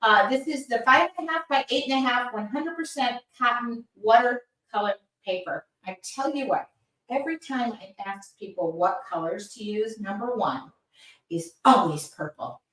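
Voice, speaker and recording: A woman's voice: on the high side, normal speed, a bit bright, distant mic. A woman hosting a live art demo, chatting casually and reading viewer comments aloud as she paints. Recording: roomy sound, voice somewhat off-mic.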